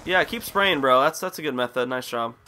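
A man's voice: medium pitch, animated, a little fast, pushed and bright, a little hiss or hum. A young man giving live gameplay commentary, frustrated, swearing and ranting at the game. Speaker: gaming commentator.

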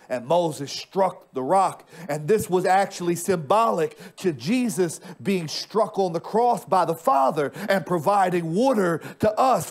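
A man preaching a sermon in a slightly high voice, taking his time over every line. He swings from loud, stretched-out words to near-hushed asides and speaks straight to the congregation. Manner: addresses the congregation directly. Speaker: pastor.

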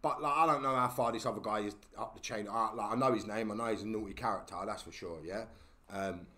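A man's voice: lowish voice, fast talker, bright, forceful tone. A man with a London accent telling a story as a podcast guest, in slangy casual talk that keeps checking in with "yeah?". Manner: slangy, tags lines with "yeah?".

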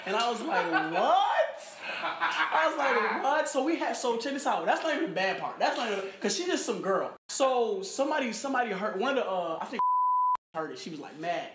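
A young man in his early twenties telling a personal story in casual conversation, animated and acting out what people said, often asking "you know what I'm saying". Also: high-pitched, fast. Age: young adult, about 21. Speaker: interviewee in a photo project. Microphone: recorded conversation played back in the talk. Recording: echoey room with faint background noise.

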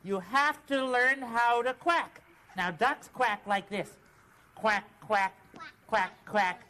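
A big, gentle male bird with a high, sunny voice, patiently coaching kids through a pretend game on a children's puppet show. A faint hiss sits under the recording. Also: lively intonation, slow, full character voice. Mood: friendly. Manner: friendly, patient teacher voice. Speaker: leader of a kids' club.

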